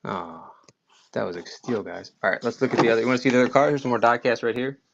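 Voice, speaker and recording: Casual male live-stream seller, faint Maryland accent, mid-pitched, rambling talk, dull lo-fi audio with faint clicks. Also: quick pace, gravelly, a little hiss or hum. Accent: slight Maryland. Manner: rambling, chatty, many "like" fillers. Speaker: online auction seller. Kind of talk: casual live-selling chat.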